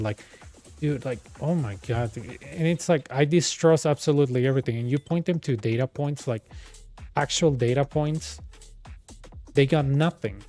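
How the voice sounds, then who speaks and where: A man's voice: mid-range voice, moderate pace, warm tone, soft background music. Exasperated young man. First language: Spanish. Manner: exasperated, rambling, says dude a lot. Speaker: gaming streamer. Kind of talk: casual rant while gaming.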